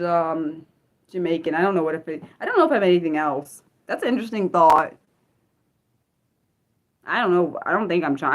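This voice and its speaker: Rambling woman livestreamer, full of ums. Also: on the low side. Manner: rambling, many fillers and restarts, reading chat aloud. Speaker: livestream host. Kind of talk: unscripted livestream chat.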